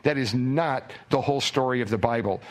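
A man preaching a sermon as pastor in a conversational way, with stammered restarts, sometimes dropping to a hushed near-whisper for emphasis. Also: medium pitch, a little fast.

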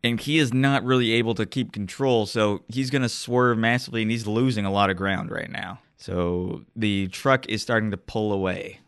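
A man game master narrating a tabletop game in a slow, descriptive way with pauses. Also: on the low side, steady tone, clear, resonant tone, no room sound, clean studio sound.

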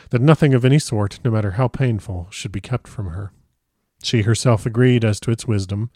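A man narrating a classic novel in a measured, grave storytelling manner on a close microphone. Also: lowish voice, mellow, no echo. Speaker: audiobook narrator.

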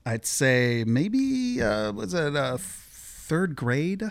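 A man's voice: on the high side, drawn-out words, vocal fry, no echo, clean studio sound. A man from the Pacific Northwest, a guest telling his life story in a rambling, casual way with many fillers. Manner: rambling, lots of fillers, animated when quoting others.

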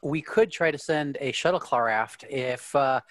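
A man's voice: medium pitch, measured pace, a bit bright. A man running a tabletop role-play as game master, hesitant with many fillers.

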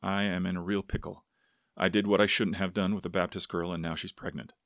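A man's voice: sits low, flat delivery, fairly quick, a bit bright, dry recording, clean studio sound. A man voicing an anxious, earnest young ranch hand who answers his elders politely. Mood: sheepish. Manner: polite, says "sir" to elders.

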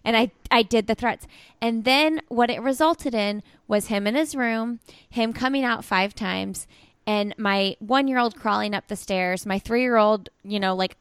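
A woman in her thirties hosting a podcast, chatting candidly about her children, often halting and restarting as she tells her story. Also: a little high, smooth, no room sound. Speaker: podcast host. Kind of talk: casual chat.

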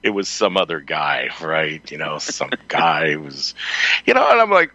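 A man's voice: extremely low pitch, wildly swooping pitch, a little slow, bright, forceful tone, no room sound, muffled recording. A man hosting a talk radio show, chatting casually and sarcastically, often laughing as he rambles through his opinions. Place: radio studio. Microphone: close studio mic.

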